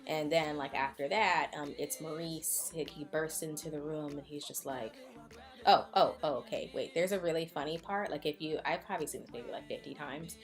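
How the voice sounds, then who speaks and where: A young woman chats through a film recap in a low voice. She rambles along and leans on filler words. The tone stays casual and offhand. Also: moderate pace, faint music behind. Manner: rambling, filler-heavy with many likes. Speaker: vlogger. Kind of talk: casual movie recap chat.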